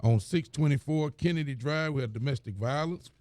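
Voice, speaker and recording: A man's voice: fairly high pitch, brisk, a little mellow. A man, a county sheriff, reading the week's reports and talking in a plain, folksy way on a live stream. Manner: plain, folksy, repeats phrases.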